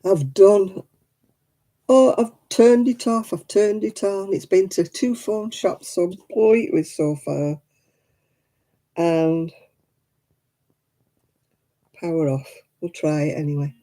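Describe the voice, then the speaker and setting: Brief: woman, live-stream craft host, deep mellow tone, rambling chat with easy laughs. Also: takes it slowly, long pauses. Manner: chatty, rambling, laughs often.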